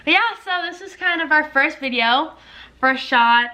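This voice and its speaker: Young female vlogger in her 20s, chatty and rambling, bright higher voice. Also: moderate pace. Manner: chatty, heavy on filler words. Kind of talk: casual couple chat. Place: home, with a pet dog.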